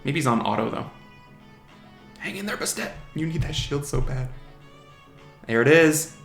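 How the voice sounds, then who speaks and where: A man with a gravelly, fry-edged voice casually narrates his own online game match. He mutters strategy, second-guesses his moves and jokes at the enemy monsters. The sound is roomy, with faint music playing behind him. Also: a little high, expressive, normal speed, a bit bright. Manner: chatty, mutters strategy aloud, teases opponents' monsters. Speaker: gaming channel host. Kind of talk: casual live game commentary.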